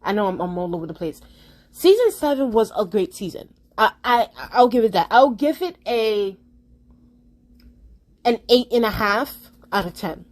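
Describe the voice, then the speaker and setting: A young woman, rambling through a casual opinion vlog and restarting her sentences often. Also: normal speed. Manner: rambling, restarts often, animated swings in pitch. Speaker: vlogger.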